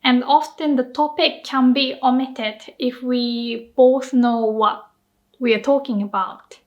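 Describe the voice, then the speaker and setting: Japanese woman, language teacher, high bright voice, playful with examples. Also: fairly even intonation, slow, muffled recording. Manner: playful, acts out example lines. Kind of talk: explaining grammar to camera.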